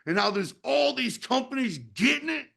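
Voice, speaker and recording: A man's voice: extremely high pitch, big pitch swings, normal speed, vocal fry, sharp tone. A man in his fifties hosting a casual talk show, speaking with passion and frequent swearing, often asking "you know what I mean". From United States. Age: 50s. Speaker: podcast host and wrestling promoter. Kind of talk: casual chat.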